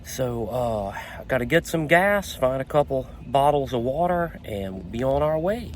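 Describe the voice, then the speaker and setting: A man's voice: mid-range voice, expressive, moderate pace, slight background noise. Easygoing man vlogging a road trip. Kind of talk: travel vlog narration. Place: outdoors at a car show and on the road.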